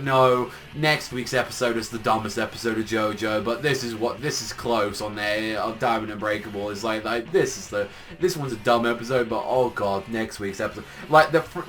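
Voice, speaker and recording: A man's voice: medium pitch, a bit bright. Rambling, profane young man. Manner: rambling, profane, mocking voices of characters. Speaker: anime reviewer. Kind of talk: casual spoken review.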